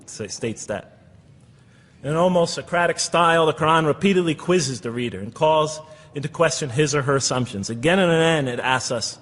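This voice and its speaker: An earnest man lectures an audience and poses one rhetorical question after another. His voice sits fairly high with a breathy, husky edge. The sound rings with a long reverb from the hall. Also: very animated, normal speed. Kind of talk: public lecture.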